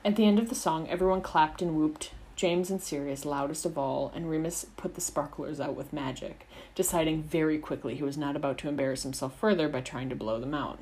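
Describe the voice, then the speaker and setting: A woman's voice: low-pitched, a little fast, hardly any pauses, darkish tone, rough recording. A woman reading a fan fiction story aloud as the narrator. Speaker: narrator, audiobook reader.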